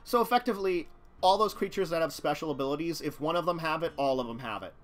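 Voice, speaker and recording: A man's voice: fairly high pitch, lively intonation, fast talker. A man casually commenting on a live stream about a card-game deck, rambling and talking to his chat. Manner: rambling, chatty, talks to chat, chuckles.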